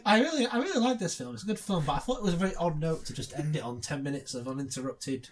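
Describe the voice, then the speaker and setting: A fast-talking man with a fairly high voice and lively intonation co-hosts a casual film commentary. He trades sarcastic, joking riffs with his partner and laughs often.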